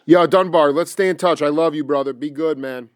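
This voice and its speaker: A man's voice: a little high, brisk, no room sound, clean studio sound. A man hosting an interview show, talking casually and enthusiastically, with lots of slang. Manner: enthusiastic, slangy, calls guest "dude" and "man". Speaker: podcast host.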